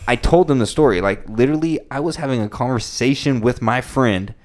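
A man's voice: mid-range voice, brisk, darkish tone. A young man in casual podcast chat, telling a story animatedly, acting out quotes and swearing a lot.

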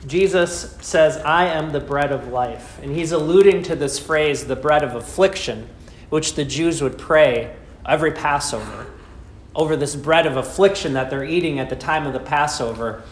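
A man's voice: fairly high pitch, slight background noise. Man preaching a sermon in an echoey church. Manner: rhetorical questions, dramatic pauses. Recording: echoey room with faint ambience.

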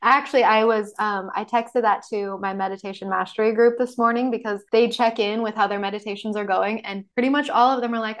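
A woman hosting a podcast, talking in a casual, lively way with frequent fillers and laughs. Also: mid-range voice, brisk, hardly any pauses. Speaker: podcast host. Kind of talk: casual chat.

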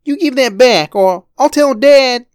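A woman voicing an upset young boy who shouts shrilly through tears, in a storybook reading. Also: on the high side, wildly swooping pitch, unhurried, dry recording, studio quality, voice pushed up. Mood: shrill, upset.

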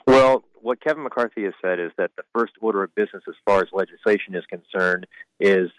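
Low-voiced man reporting on politics. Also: no room sound, poor audio. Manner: measured, explanatory, with frequent fillers. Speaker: White House correspondent. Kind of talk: radio interview.

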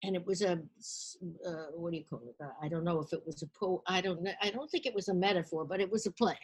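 An older woman, an actress, recounting her past in a storytelling interview, lively and acting out the people she quotes. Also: lowish voice, quick pace, husky.

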